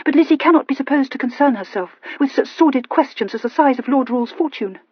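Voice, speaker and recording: A woman voicing a prim, high-minded young lady who intones her reproofs. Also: lively intonation, fast, breathy edge, dry recording, highs cut off.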